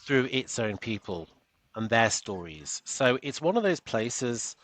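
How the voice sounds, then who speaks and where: A man's voice: medium pitch, very animated, a little slow, fairly bright tone, dry recording. A British man, a coach and author, talking earnestly as a podcast guest and often repeating words as he goes. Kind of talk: podcast interview.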